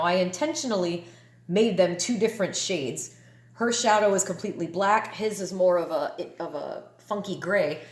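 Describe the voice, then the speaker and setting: A woman artist casually walking through her paintings, chatty and candid as she explains each one. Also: lowish voice. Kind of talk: casual walkthrough of artworks. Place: home painting space. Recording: echoey room with faint noise.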